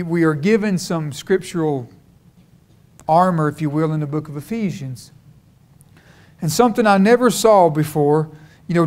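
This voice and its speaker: A man's voice: high-pitched, a little mellow. A middle-aged man preaching a sermon, telling a personal story in a folksy way that builds to fervor. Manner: storytelling, folksy, rising to fervent.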